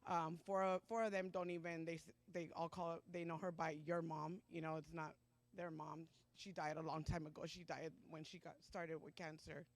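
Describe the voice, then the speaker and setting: A middle-aged woman giving a personal testimony at a church Sunday service, speaking in a halting, emotional way with many pauses and fillers. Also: low voice, little pitch movement.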